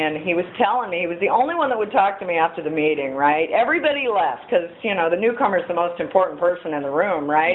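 A middle-aged woman speaking at a recovery meeting, candid and storytelling. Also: fairly low pitch. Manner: candid, storytelling, acts out quoted voices. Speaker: AA speaker sharing her story. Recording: tinny phone-like audio with faint hiss.

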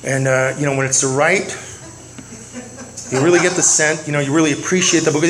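A man sharing his recovery story with self-mocking humor, animated and full of repeated words and restarts. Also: on the high side, a little fast, long pauses, low-quality recording.

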